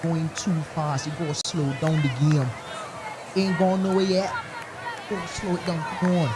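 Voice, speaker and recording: A man's voice: a little high, flat delivery, unhurried, crowd noise, close to an everyday voice. Man's impression of a Bajan-accented cricket coach, easygoing urging, noisy outdoor ground. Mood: coaxing. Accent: Barbadian. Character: male cricket coach urging his players to slow down.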